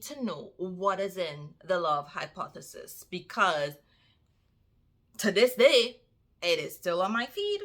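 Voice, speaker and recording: A woman book vlogger chatting to her viewers, animated and repeating phrases for emphasis. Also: on the low side, takes it slowly. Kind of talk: casual chat to camera.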